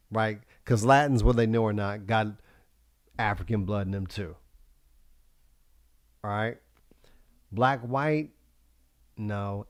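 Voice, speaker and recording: A man's voice: lowish voice, darkish tone, no echo, studio quality. Profane, rambling man on a livestream. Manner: rambling, profane, laughs often. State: high. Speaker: livestream talk show host. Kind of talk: casual profane monologue.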